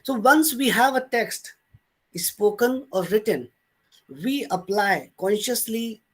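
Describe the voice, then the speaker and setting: Male lecturer, webinar talk, repeats points, slows for quotations. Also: high voice, animated, breathy edge. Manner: explains step by step, repeats points for emphasis.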